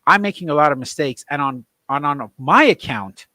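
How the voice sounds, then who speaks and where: A man's voice: fairly high pitch, lively intonation, normal speed, pushed and bright, no room sound. A man speaking as a guest on a talk show, an emotional, indignant and defiant father. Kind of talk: impassioned talk-show testimony.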